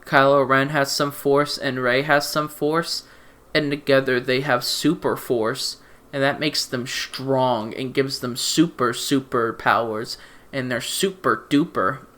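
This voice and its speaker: A man's voice: mid-range voice, steady tone, unhurried, fairly bright tone. A man ranting about a movie in a casual, rambling way, stammering through restarts and sounding exasperated and sarcastic. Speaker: movie reviewer. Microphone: desk mic.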